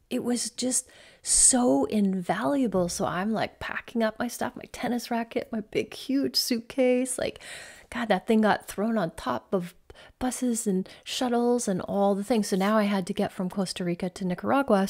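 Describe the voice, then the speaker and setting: A woman's voice: medium pitch, a little mellow. Chatty woman telling a travel story. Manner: chatty, rambling, peppered with "like". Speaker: coach and podcast host. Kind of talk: casual personal storytelling.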